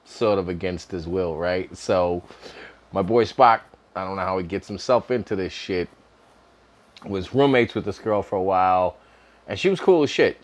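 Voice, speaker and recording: A middle-aged man casually telling a personal story to camera, swearing freely and laughing often. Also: low-pitched. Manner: profane, laughing often, animated.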